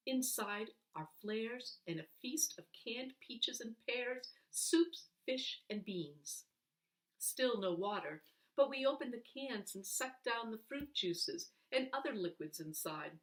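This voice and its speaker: A woman reading a children's book aloud in an expressive, animated way, with dramatic pauses. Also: on the high side. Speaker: reader. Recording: voice heard from a distance.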